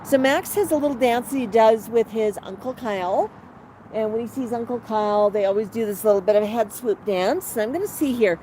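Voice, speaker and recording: A woman's voice: fairly high pitch, mellow, a little hiss or hum. Chatty woman livestreaming outdoors. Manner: chatty, reads viewer comments aloud. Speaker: livestream host. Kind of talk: casual livestream chat.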